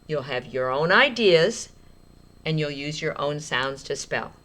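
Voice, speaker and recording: A woman teacher giving a slow, clear writing lesson to young children, speaking in an encouraging way. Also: deep voice, lively intonation, fairly bright tone.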